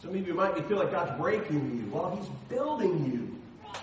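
A middle-aged pastor preaches with an unusually high, bright voice that swings widely in pitch. He tells stories with animated, self-deprecating humor. The sound is very echoey and picked up from a distance, like a large hall. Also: normal speed, a little hiss or hum. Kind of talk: sermon with personal storytelling.

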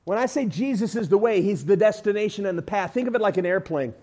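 This preacher speaks quickly in a high-set voice with lively intonation. He swings from booming declarations to softer passages, using humor and illustrations from daily life to drive his points home.

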